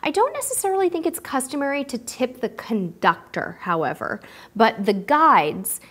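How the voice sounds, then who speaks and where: A woman's voice: high-pitched, very animated, moderate pace, fairly bright tone. A woman hosting a live cruise-advice stream, answering viewer questions and thanking supporters in a chatty, heartfelt way. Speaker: cruise show host. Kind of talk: live-stream Q&A, casual chat.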